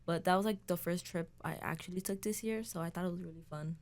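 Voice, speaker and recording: A woman's voice: fairly low pitch, fast talker, darkish tone. A teenage girl student talking about her program in a hesitant casual chat, with many fillers. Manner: hesitant, lots of ums and likes.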